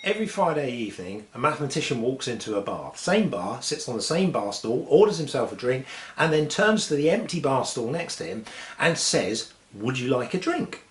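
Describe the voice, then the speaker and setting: A man telling science jokes in a lively way, dropping punchlines deadpan. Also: mid-range voice, brisk. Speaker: host. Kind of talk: comic joke telling. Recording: echoey room with faint noise.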